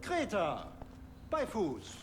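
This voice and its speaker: An officious German checkpoint guard in a video game, speaking slowly in clipped commands. His voice runs fairly high and swings widely in pitch. It comes through as game audio under loud background noise. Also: wildly swooping pitch, full character voice.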